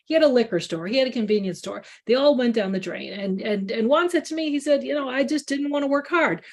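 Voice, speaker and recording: Chatty Chicago-accented woman, high voice. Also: quick pace, a little mellow. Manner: chatty storyteller, acts out quoted people. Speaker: culinary journalist, author. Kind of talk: library book talk over video call.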